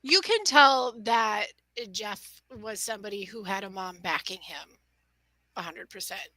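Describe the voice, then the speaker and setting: A woman's voice: mid-range voice, a little slow, sharp tone, no room sound. A woman with a Midwestern accent, co-hosting a casual podcast chat and laughing easily. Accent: Midwestern American. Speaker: podcast co-host.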